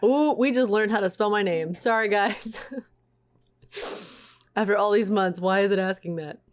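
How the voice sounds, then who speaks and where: A woman's voice: mid-range voice, unhurried. A woman streaming live, chatting casually and reading out viewers' messages. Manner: chatty, reads chat aloud.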